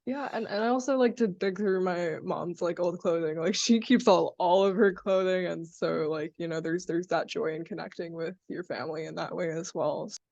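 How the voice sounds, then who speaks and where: A woman's voice: lowish voice, moderate pace, creaky, hardly any pauses, a little mellow, dull audio. A teenage girl hosting an interview podcast, eager and hesitant, leaning on fillers like "like" and "um". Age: teens. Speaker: podcast host. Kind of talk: casual interview chat.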